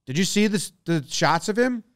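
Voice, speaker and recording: Man in clear casual baseball talk. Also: high voice, normal speed, no room sound, studio quality. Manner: animated, breaks down umpire calls in detail. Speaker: podcast co-host. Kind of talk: casual sports chat.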